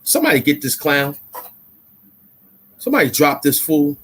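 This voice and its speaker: A man hosting an online commentary show, ranting in a loud, mocking, animated way and repeating himself for emphasis. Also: on the high side, moderate pace, slightly rough. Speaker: YouTube commentary host.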